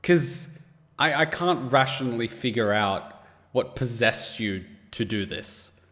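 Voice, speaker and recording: A man's voice: medium pitch, animated, slow, a bit bright, in a large hall. A man reacting to an anime episode, exasperated and swearing, firing off rhetorical questions. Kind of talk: casual reaction commentary.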